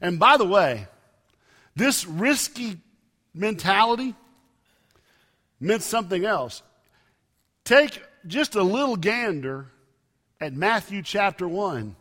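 A man preaching a sermon, with emphatic loud rises and soft drops. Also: sits high, sing-song, slow, long pauses. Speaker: pastor. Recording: long reverb of a large hall.

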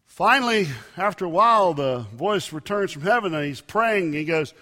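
A man preaching a sermon, with emphatic loud rises and soft drops. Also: high-pitched, expressive, moderate pace. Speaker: pastor. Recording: long reverb of a large hall.

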